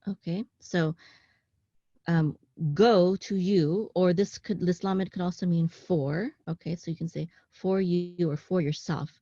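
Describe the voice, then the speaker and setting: Halting woman teaching Hebrew, lo-fi. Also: on the low side, fairly even intonation, mellow, no echo. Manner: halting, with frequent ums, self-corrections and "okay?" check-ins. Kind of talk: casual online class, explaining text on screen. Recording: dull lo-fi sound, dry close room.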